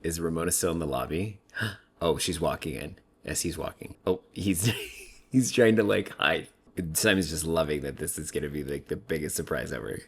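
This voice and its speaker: A man's voice: rumbling low, fairly quick, breathy edge. A man casually commenting on a reality TV episode, chatty and laughing often, with lots of fillers. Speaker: reality TV recap host.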